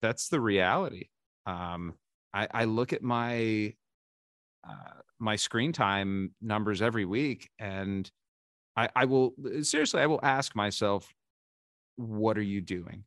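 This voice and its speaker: Man, forties, low voice, dry close sound, candid, self-deprecating, restarts sentences, podcast guest. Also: slow pace, fairly bright tone, dry recording. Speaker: podcast guest, baseball insider. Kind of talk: casual interview storytelling.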